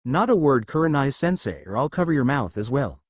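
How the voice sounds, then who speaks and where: A man's voice: medium pitch, sing-song, brisk, dry recording. A man doing a blunt young ninja medic. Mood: stern. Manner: blunt, scolding.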